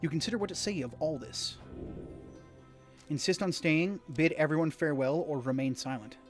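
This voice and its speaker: A man's voice: fairly high pitch, moderate pace, faint music behind. A man streaming a video game, reading its text aloud and chatting casually with rambling asides to viewers. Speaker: gaming streamer.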